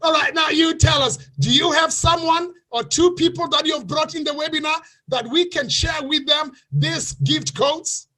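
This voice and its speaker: A man with an extremely high, very bright and forceful voice runs an online webinar. He talks excitedly and often breaks into shouts. The sound comes through a video call mic. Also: normal speed, few pauses. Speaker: webinar host. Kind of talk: hyped online sales webinar.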